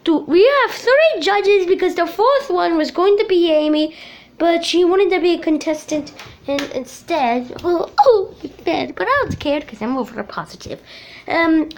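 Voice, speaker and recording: Upbeat high-voiced woman hosting. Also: lively intonation, measured pace, highs cut off, a little hiss or hum. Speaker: show host. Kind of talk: plush puppet comedy.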